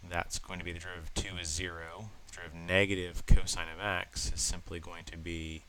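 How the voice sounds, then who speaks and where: Male teacher getting over a cold, nasal and low-pitched, walks through problems step by step. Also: level tone, fast talker, pushed and bright, a little hiss or hum, low-quality recording. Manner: plain step-by-step explaining with fillers. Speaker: math teacher. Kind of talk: recorded lesson working through problems.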